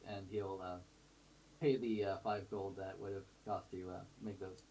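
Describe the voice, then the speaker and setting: A man with a fairly low voice plays his character in a tabletop game. He speaks casually and thinks out loud. A faint noise sits behind him. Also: fairly even intonation, normal speed, poor audio. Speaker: player.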